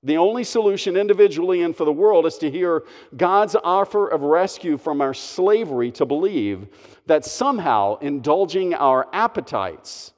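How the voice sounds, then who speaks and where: A man delivers a sermon in a slightly high voice, unhurried and deliberate. He preaches earnestly, leaning hard on key phrases. His voice carries a long reverb, as in a large hall. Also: darkish tone. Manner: earnest, emphatic preaching with slow stressed phrases. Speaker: pastor.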